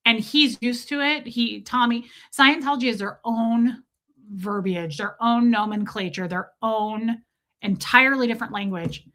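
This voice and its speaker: A woman in her forties hosting a casual livestream, telling stories in an animated way and reading viewer comments aloud. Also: medium pitch, normal speed. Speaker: livestream host.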